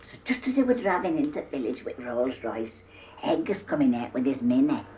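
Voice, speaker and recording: An older woman with a Yorkshire accent telling humorous dialect stories, acting out the characters' voices with lively shifts. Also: very deep voice, brisk, slight background noise. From Yorkshire, England. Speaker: dialect storyteller. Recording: roomy, dull old cassette tape.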